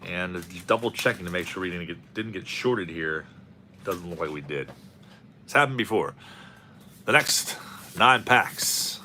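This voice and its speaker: A man's voice: low-pitched, lively intonation, a little slow, pauses often, pushed and bright, a little hiss or hum. A man hosting a card-opening video, rambling and joking as he calls out player names. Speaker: host of a card-opening channel. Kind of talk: casual commentary while opening packs.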